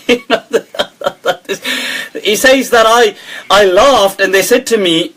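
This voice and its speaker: A man hosting a live Q&A, talking in an animated way, quoting others and laughing often. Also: high voice, a little slow, low-quality recording. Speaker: host. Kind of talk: live Q&A talk. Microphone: webcam or phone on a live stream.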